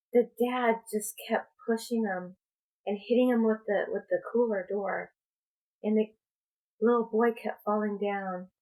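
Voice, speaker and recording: Slow, reflective woman vlogger. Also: mid-range voice, darkish tone, poor audio. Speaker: spiritual coach and tarot reader. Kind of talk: personal vlog monologue.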